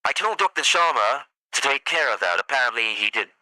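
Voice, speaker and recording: A man's voice: medium pitch, lively intonation, a little fast, sharp tone, rough recording. A man voicing a male doctor under questioning, through a radio demon voice filter, with terse, defensive answers. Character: male doctor questioned after a deadly incident.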